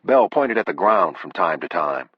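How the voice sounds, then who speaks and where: A man narrating an audiobook in a measured, unhurried reading. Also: sits low, big pitch swings, husky, dry recording. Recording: dull, dry lo-fi audio.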